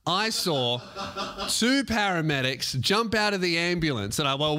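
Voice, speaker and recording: A man's voice: sits high, very animated, a little slow, pushed and bright. A man with an Australian accent, a podcast host telling a comic story as a profane, mock-outraged rant.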